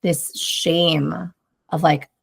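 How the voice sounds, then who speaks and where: A woman's voice: low-pitched, fairly even intonation, extremely slow, creaky, husky. A woman guest on a podcast talking casually about motherhood, rambling and reflective, with many fillers. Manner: rambling, heavy use of "like", reflective. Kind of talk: casual conversation.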